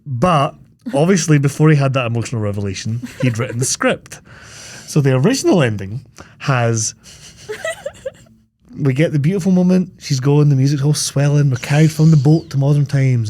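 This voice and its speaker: A man's voice: mid-range voice, mellow. A man co-hosting a casual film podcast, telling stories with energy and acting out quoted lines in a studio. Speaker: podcast co-host. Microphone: studio podcast mic.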